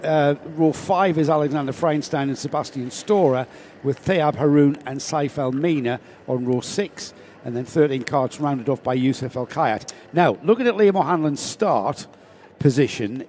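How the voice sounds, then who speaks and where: A man co-commentating a live kart race, talking steadily as he reads out the grid. His voice is mellow and warm and sits a little above the usual male pitch. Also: unhurried, slight background noise. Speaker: karting co-commentator.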